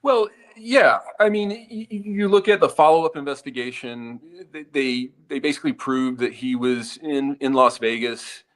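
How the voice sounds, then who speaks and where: A man's voice: medium pitch, normal speed, hardly any pauses, fairly bright tone. A man speaking as a guest in a live Q&A, earnest and prone to stammering restarts. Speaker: guest, retired FBI agent. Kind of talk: live Q&A discussion.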